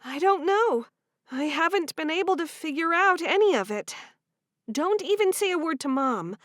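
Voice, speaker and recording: A woman's voice: very high-pitched, expressive, moderate pace, fairly bright tone, no room sound, studio quality, pitched above the performer's own voice. A woman voicing an anxious, caring young Amish woman in an audiobook. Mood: worried.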